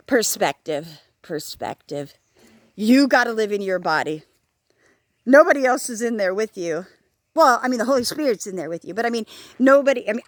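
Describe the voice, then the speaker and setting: A woman's voice: fairly high pitch, no room sound, clean studio sound. A woman vlogging outdoors on a walk, talking frankly and rambling, swearing freely and joking at herself. She says she is hard of hearing. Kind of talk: casual talking-to-camera vlog.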